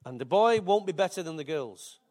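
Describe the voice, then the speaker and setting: A man's voice: on the high side, lively intonation, fairly quick, a little mellow. An older man, preaching a sermon in a chatty, joking way with asides to the congregation. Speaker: pastor.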